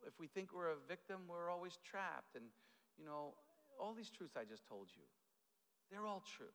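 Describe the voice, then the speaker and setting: Animated high-voiced male preacher. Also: moderate pace, in a large hall. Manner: animated storytelling with fillers and repeated starts. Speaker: pastor. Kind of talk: sermon.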